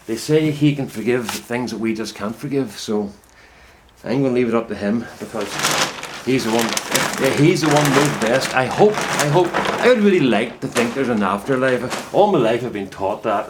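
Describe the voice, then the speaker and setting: A man's voice: mid-range voice, animated, normal speed, heavy background noise. A middle-aged man talking casually to camera from his greenhouse, rambling and reflective as he chats about his potato growing. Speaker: home potato grower vlogger. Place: inside a greenhouse.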